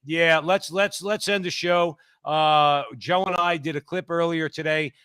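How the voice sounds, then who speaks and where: A man's voice: fairly high pitch, steady tone, measured pace, sharp tone, smooth, dry recording. A man hosting a radio talk show in a chummy, folksy way. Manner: chummy, folksy, calls people brother.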